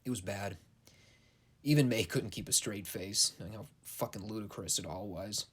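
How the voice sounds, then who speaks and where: A man's voice: lowish voice, normal speed, a bit bright, slightly rough. A young man giving a casual, blunt and sarcastic recap of wrestling shows, swearing freely. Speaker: wrestling show reviewer.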